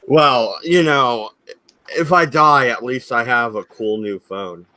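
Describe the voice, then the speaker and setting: Jokey podcast host guy, bright voice, laughs a lot, dry close mic. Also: mid-range voice, no room sound. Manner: jokey, laughs often, tries silly accents. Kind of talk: casual group banter.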